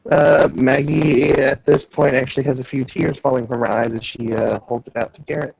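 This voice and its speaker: A man player describing his character's actions in a halting, gentle way. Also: mid-range voice, steady tone, creaky, low-quality recording. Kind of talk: describing actions in a tabletop game.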